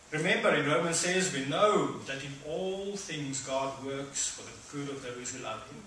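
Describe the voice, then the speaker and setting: A middle-aged man preaching a conversational sermon, acting out voices with sudden loud high bursts. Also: moderate pace, hardly any pauses, far from the mic, a little hiss or hum. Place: church hall. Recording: echoey hall, speaker away from mic.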